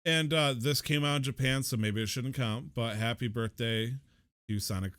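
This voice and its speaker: A man's voice: medium pitch, moderate pace, fairly bright tone, clean tone, no room sound. A man co-hosting a casual podcast, rambling and joking and swearing casually. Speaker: podcast co-host.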